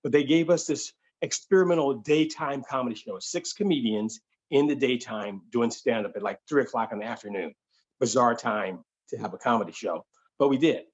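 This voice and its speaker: A man spins a comic story in a stand-up storytelling style, slipping into voices as he acts out the people in it. His voice is husky and a little breathy. The recording sounds somewhat dull and muffled. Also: mid-range voice, normal speed. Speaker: stand-up comedian.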